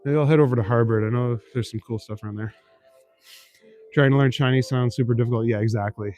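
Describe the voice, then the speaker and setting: A fast-talking young man with a medium-pitched voice, faint music playing behind, chats casually with his live stream viewers. The Northern Ontario, Canada native is walking city back streets at night. Relaxed, he swears casually and reads and answers the chat.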